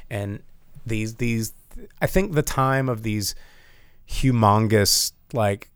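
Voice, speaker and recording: A man's voice: lowish voice, slow pace, pauses often, fairly bright tone, clean tone, no room sound. A man co-hosting a podcast, chatting casually and a bit profanely about a movie he saw, rambling with many fillers and restarts. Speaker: podcast co-host. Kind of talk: casual movie review chat.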